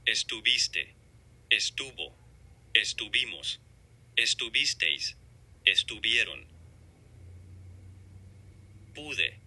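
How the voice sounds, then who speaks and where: A man reading lesson examples as a word list, slowly and deliberately, one word at a time. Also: fairly low pitch, pushed and bright. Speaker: model speaker reading examples.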